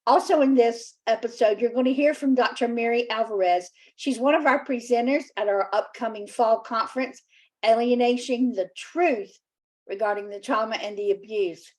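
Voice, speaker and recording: A woman's voice: on the high side, a little fast, hardly any pauses, rough recording. A woman hosting a talk show, reading a scripted introduction and earnestly urging viewers, with fillers when she goes off script.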